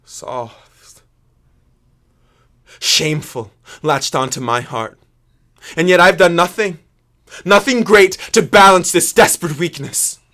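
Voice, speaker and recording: An actor playing a young prince torn by forbidden love, speaking earnestly and often subdued in a stage drama. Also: male voice, on the high side, slow, long pauses, a bit bright.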